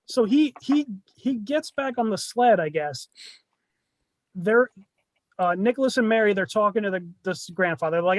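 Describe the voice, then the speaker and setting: A man's voice: high voice, expressive, moderate pace, no room sound. A man co-hosting a podcast, casually retelling a film's plot in a rambling way and acting out its lines. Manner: rambling storyteller, acts out lines with a laugh. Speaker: podcast co-host recapping a movie. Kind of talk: casual chat.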